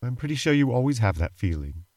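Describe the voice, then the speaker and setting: Dry, skeptical man with lively pitch. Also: fast talker, no room sound. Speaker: co-host. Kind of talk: comedic improvised role-play banter.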